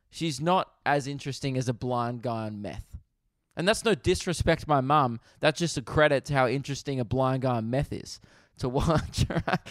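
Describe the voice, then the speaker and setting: A man's voice: medium pitch, a bit bright, dry recording, clean studio sound. Laid-back Australian man telling a story. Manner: laid-back, swears freely, laughs at own story. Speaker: podcast host. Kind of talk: casual storytelling.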